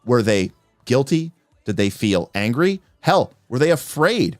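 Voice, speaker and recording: Animated man talking tabletop games. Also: mid-range voice, no room sound, clean studio sound, faint music behind. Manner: animated, acts out players' lines in quick asides. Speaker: game master and podcast host. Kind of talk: livestream talk about tabletop games.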